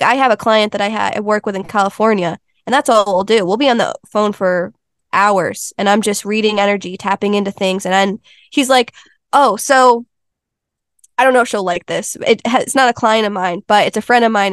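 Interview guest: woman with a smooth, resonant voice, earnest and chatty, close dry sound. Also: mid-range voice, no echo. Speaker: Ayurveda health counselor and intuitive healer, interview guest. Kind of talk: casual interview chat.

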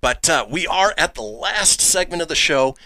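A man's voice: a little high, moderate pace, no echo. A man hosting a radio talk show, joking. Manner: lively, joking, promo-style delivery. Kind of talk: casual radio banter.

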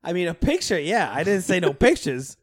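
A man's voice: high-pitched, brisk, dry recording, clean studio sound. A man co-hosting a casual sports podcast, joking and swearing as he argues his points. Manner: joking, animated, swears freely. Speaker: podcast co-host.

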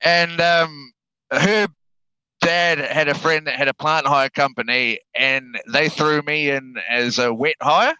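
A man's voice: a little high, fairly even intonation, slow pace, pushed and bright, smooth, no echo, highs cut off. A man with a New Zealand accent, a guest talking casually about his trade work, laid-back and cursing freely, often repeating words as he thinks. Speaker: guest, heavy equipment operator. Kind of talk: casual podcast chat.

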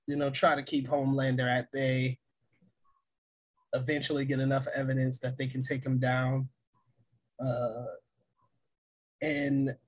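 A man co-hosting a podcast, talking in a casual, excitable way with lots of fillers and laughs. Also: mid-range voice. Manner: excited, laughs often, many fillers and restarts. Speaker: podcast co-host. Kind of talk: casual chat.

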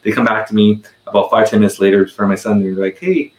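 A man in his forties speaks quickly in a low voice, rambling through a personal story and tripping over repeated words. His voice carries the echo of a roomy space. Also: flat delivery, a little mellow. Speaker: podcast guest. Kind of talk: casual storytelling in conversation.

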